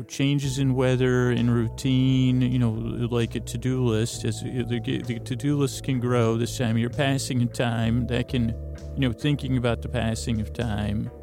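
A man hosting a sleep podcast, talking in a meandering, self-correcting ramble full of fillers and drifting asides. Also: medium pitch. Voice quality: creaky, gravelly. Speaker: podcast host. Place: closet. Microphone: close studio mic.

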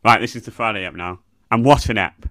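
A man's voice: lowish voice, quick pace, dry recording, clean studio sound. A man co-hosting a comedy podcast, rambling and joking in casual chat. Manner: rambling, animated, jokey. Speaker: podcast co-host.

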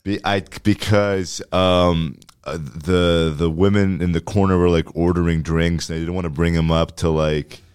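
Deep, smooth-voiced comedian. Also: male voice, fairly even intonation, darkish tone, no room sound. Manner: halting, restarts a lot. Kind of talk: casual podcast chat.

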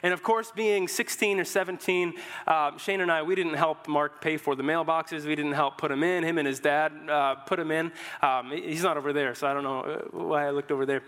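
A man's voice: a little high, fairly even intonation, brisk, fairly bright tone, in a large hall. A young man preaching a sermon as pastor, telling stories in a loose, joking way through a headset mic. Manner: storytelling, informal and joking. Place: church hall.

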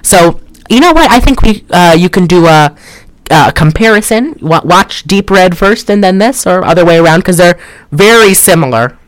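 A podcast co-host in a rambling, excitable, casual movie review chat, often laughing and swearing. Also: medium pitch, moderate pace, dry recording.

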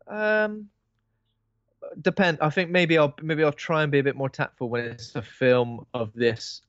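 A man's voice: a little high, measured pace, pauses often, a bit bright, no room sound. Rambling man, muffled and dry. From Bristol. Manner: rambling, self-interrupting, informal. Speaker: podcast co-host. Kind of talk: casual chat.

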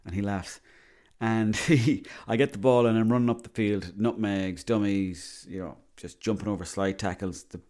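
A man's voice: on the low side, fairly even intonation, normal speed, a little mellow. A man telling a rambling, boastful comic monologue, swearing freely.

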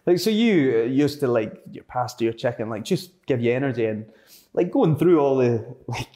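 A young Scottish man chatting in an interview, his voice sitting at an ordinary middle pitch. He tells his stories in a loose, rambling way, full of fillers and quick self-corrections. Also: animated, warm tone. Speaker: interview guest, footballer. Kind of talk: casual storytelling chat.

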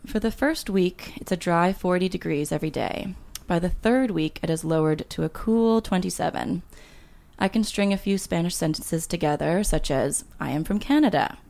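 A woman's voice: on the low side, normal speed, creaky, a little mellow. A woman author chatting casually on a podcast and reading her memoir aloud, laughing often. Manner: laughs often, reads with light voicing of dialogue. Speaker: guest author.

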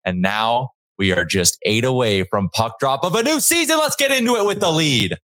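A man's voice: mid-range voice, sing-song, normal speed, hardly any pauses, a bit bright, no echo. A man hosting a sports talk show in a small studio, fired up and joking as he reads viewer comments. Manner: hyped, joking, reads chat comments aloud. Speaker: podcast host. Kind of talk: casual sports chat.

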